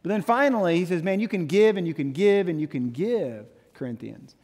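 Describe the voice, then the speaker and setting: A man in his thirties preaching a sermon, animated, with playful asides and quotes he acts out. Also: sits high, brisk, long reverb tail. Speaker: pastor.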